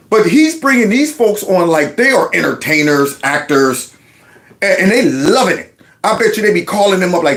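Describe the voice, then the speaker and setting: A man with a high voice that swings widely as he talks gives sarcastic reaction commentary on news clips. He fires off mocking rhetorical questions in an animated, needling way. His tone stays scornful and showy throughout. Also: moderate pace. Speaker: commentary vlogger.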